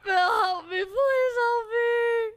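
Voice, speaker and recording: Girl doing a super high frantic frontier gal, gravelly edge, yelling for help. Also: steady tone, takes it slowly, exaggerated voice. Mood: tearful. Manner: shouting and sobbing for help. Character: stranded young frontier woman, frantic and pleading. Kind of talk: western roleplay game acting.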